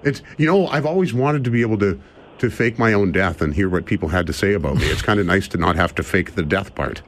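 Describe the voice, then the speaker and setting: A man's voice: sits low, lively intonation, fast talker. Chuckling older male radio host. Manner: rambling, chuckling, self-deprecating. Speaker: radio talk show host. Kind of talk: casual radio talk. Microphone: studio microphone.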